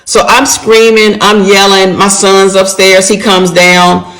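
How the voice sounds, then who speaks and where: A middle-aged woman telling a personal story in a casual storytime monologue, animated and talking straight to her viewers. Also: mid-range voice, slow, poor audio.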